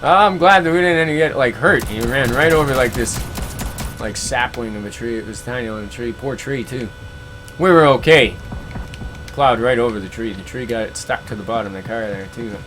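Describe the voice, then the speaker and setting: A relaxed man hosts a gaming stream and tells an easygoing story in a mid-range voice. He chuckles his way through it and reads viewer comments as he goes. Clear music plays underneath him. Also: medium pitch, normal speed. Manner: laid-back, chuckling storyteller who slips into voices for quoted friends. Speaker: gaming livestream host. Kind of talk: casual chat, storytelling between reading chat comments.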